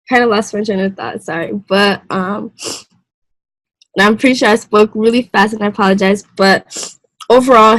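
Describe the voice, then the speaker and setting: A young woman presents to a class in a halting, unsure manner, stopping and restarting her sentences and clearing her throat along the way. Her pitch stays level and even. The sound is dry and close. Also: dry recording, low-quality recording. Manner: hesitant, halting, with many fillers and restarts. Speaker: student presenter.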